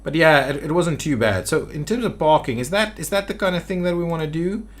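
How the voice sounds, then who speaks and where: A man's voice: on the high side, brisk. A man giving gameplay commentary on a city-building game, thinking aloud with hesitant restarts as he builds. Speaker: city-builder video creator.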